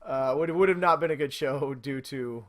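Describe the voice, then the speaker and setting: A man in his thirties co-hosting a casual podcast, telling animated stories and laughing often. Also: mid-range voice, moderate pace. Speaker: podcast co-host. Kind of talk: casual chat.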